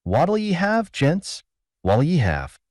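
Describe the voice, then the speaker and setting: A man's voice: on the low side, very animated, a little slow, a little mellow, no echo, studio quality. Guy putting on a shaky old frontier barkeeper, thin wobbly voice, folksy drawl, swings up and down a lot. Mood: weary. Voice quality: thin, aged, unsteady.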